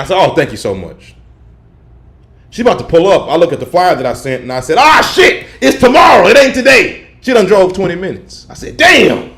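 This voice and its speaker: A young man hosting a casual podcast livestream, telling an animated story in profane slang and laughing often. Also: mid-range voice. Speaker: podcast host. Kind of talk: casual solo livestream chat.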